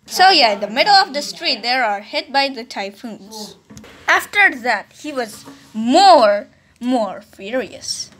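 A woman with an Indonesian accent narrating a playful history cartoon, now and then bursting into shouted character bits. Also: fairly high pitch, very animated, slow, a little hiss or hum.

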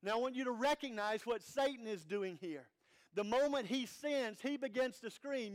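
A man's voice: very high-pitched, moderate pace. A man preaching an earnest, conversational sermon as pastor, with rhetorical questions to the congregation.

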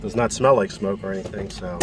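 A man's voice: low voice, brisk. A middle-aged man showing off a car for sale in a casual, rambling way, talking around a cigar, outdoors and then inside the car. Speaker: car seller. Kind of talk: casual walkaround video. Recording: outdoor street and engine noise.

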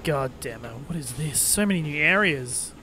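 A man's voice: fairly high pitch, animated, normal speed. A young man swearing his way through a horror game playthrough, commenting as he plays and yelping when startled. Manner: heavy swearing, jumpy loud outbursts when startled. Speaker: let's play gamer.

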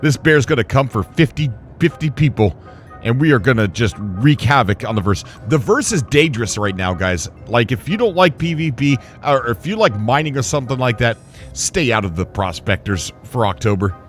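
A man hosting a gaming channel who gives casual gameplay commentary, excitable and rambling and often laughing. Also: mid-range voice, moderate pace, faint music behind.

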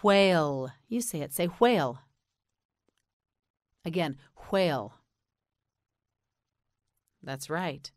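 An American woman teaching English pronunciation, slowly enunciating words and patiently prompting the listener to repeat them. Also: deep voice, expressive, no room sound, studio quality. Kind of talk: slow repeat-after-me pronunciation drill.

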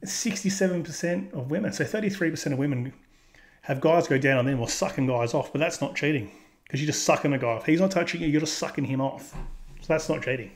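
A man's voice: a little high, fast talker. Blunt, crude man. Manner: blunt and crude, laughs at own jokes. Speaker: host. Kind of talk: casual commentary reacting to posts.

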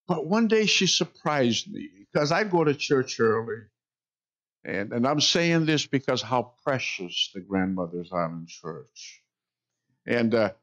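Male pastor, sermon, slow delivery, wry storytelling, dull lo-fi sound. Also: mid-range voice. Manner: unhurried storytelling with wry jokes.

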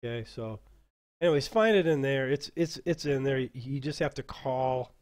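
A man hosting a casual screen-share tutorial for dungeon masters, rambling and halting as he clicks through software at his desk mic. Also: medium pitch.

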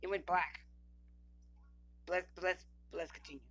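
A woman's voice: lowish voice, steady tone, moderate pace, a bit bright, breathy edge. A woman giving casual gameplay commentary, stammering, repeating words and reading the screen text aloud.

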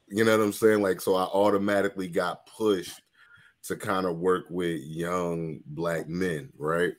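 Deep-voiced, candid male panelist. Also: a little slow. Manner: relaxed, candid, laughing easily. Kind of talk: casual panel discussion.

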